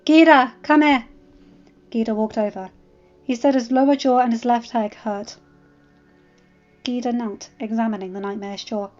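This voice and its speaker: Higher-voiced woman reading a story. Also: fairly even intonation, normal speed, pauses often, dark tone. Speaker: fan fiction reader. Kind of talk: storybook narration. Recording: slightly muffled, faint background music.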